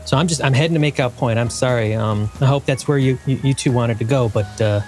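A man's voice: medium pitch, faint music behind, natural voice. A man playing a grieving everyman widower. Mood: somber. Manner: rambling, gentle, halting. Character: grieving middle-aged male widower driver, kindly.

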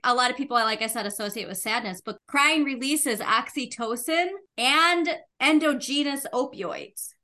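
A woman's voice: on the high side, normal speed, few pauses, sharp tone. A woman co-hosting a podcast, explaining facts in an upbeat, casual way and laughing often. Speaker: podcast co-host.

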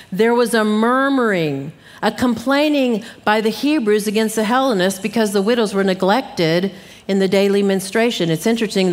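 A middle-aged woman teaching the Bible, talking emphatically and directly to her listeners. Her voice sits at an ordinary pitch. It rings with the long reverb of a live church hall. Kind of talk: sermon.

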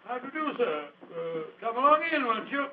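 A man's voice: extremely high pitch, very animated, a little fast. An actor playing a bluff, hearty male companion in 1940s radio-drama style, given to stammering exclamations. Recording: tinny old radio broadcast with faint hiss.

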